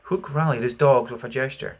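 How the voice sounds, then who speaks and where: A man reads a children's classic aloud as an audiobook. His narration is expressive and mid-pitched, and it falls quiet between the acted lines. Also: brisk. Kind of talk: audiobook reading.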